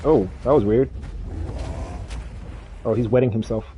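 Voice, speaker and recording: A man's voice: medium pitch, unhurried, muffled recording, a little hiss or hum. A man livestreaming a dinosaur game, chatting casually with viewers and teammates as he plays. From not from the countryside. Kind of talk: casual gaming commentary.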